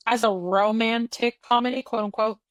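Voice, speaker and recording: A woman's voice: fairly high pitch, fairly even intonation, moderate pace, dry recording. A young woman co-hosting a podcast, chatting casually and playfully about a movie and swearing offhand. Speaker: podcast co-host. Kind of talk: casual movie review chat.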